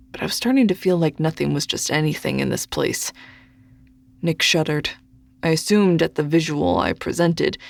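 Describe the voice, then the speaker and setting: Gravelly, dry first-person audiobook narration. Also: medium pitch, no echo. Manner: measured, deliberate reading.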